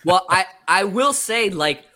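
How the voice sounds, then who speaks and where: A man's voice: high-pitched, expressive, measured pace, bright, forceful tone. A man joking in a laid-back way as a guest on a casual sports podcast. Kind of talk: casual chat.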